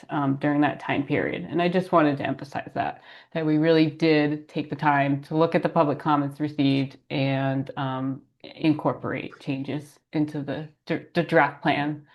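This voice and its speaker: Casting: low-pitched woman, groggy and under the weather, calling in to a meeting. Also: steady tone, unhurried, lo-fi sound. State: groggy voice from illness. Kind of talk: meeting update over remote call. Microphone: video call.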